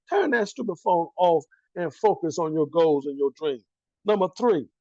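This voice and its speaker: A man coaching his listeners in a preachy motivational pep talk, talking straight at them in casual slang and answering his own questions. His voice sits high. The recording is dry and a little muffled. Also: dark tone, no echo.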